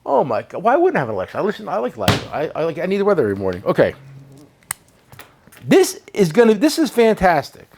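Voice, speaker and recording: Rambling, joking New man, high lively voice. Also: quick pace. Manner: rambling, joking, self-mocking. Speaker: tool shop host. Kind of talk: casual chat. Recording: noisy shop recording.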